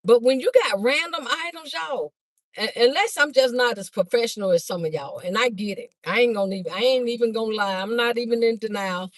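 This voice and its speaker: A woman chatting fast on a phone livestream to her viewers, a bit out of breath as she walks from a car through a garage into a house. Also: a little high, no room sound. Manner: chatty, talks fast to viewers, calls them "y'all". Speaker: livestream host and vendor. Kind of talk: casual livestream chat to viewers. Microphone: phone held by hand.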